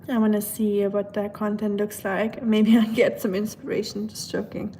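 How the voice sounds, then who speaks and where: A woman live streamer chatting casually with her viewers, rambling with lots of fillers and quick laughs. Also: mid-range voice, little pitch movement, dark tone, a little hiss or hum. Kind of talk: casual chat reading viewer comments.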